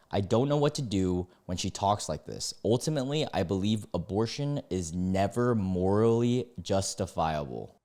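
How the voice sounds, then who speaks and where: Excitable young man with a lively voice. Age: 20s. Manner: excitable, ranting, sudden jumps in pitch. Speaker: YouTuber reading Reddit posts. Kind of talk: reacting to and reading online posts.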